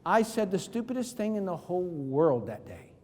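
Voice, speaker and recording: A man delivers a storytelling keynote, his fairly high voice carrying the lively back-and-forth of the conversations he acts out. The sound rings with the long reverb of a large hall. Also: moderate pace. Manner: animated, acts out dialogue in his stories. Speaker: motivational speaker. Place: large event hall on stage.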